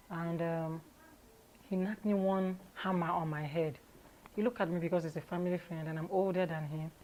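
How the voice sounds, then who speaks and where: A Nigerian woman, an interview guest, telling her own story in a candid, lively way and laughing often. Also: on the low side, rough recording.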